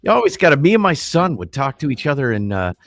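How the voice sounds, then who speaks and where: A man's voice: mid-range voice, sing-song, quick pace, dry recording. A middle-aged man from Illinois chatting loosely on a livestream, rambling and swearing freely. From Illinois, United States. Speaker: livestream co-host. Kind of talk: casual livestream chat.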